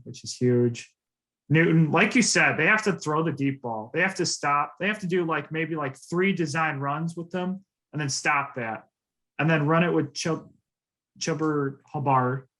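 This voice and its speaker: A man's voice: a little high, fairly bright tone, poor audio. A man co-hosting a casual chat about football picks, talking loosely with lots of fillers and confident predictions. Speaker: co-host.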